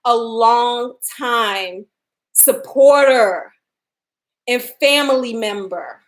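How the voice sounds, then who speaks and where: Speaking extremely slowly in a voice on the high side, a woman hosts a casual livestream giveaway from her home. She chats, laughs, and reads out what viewers comment.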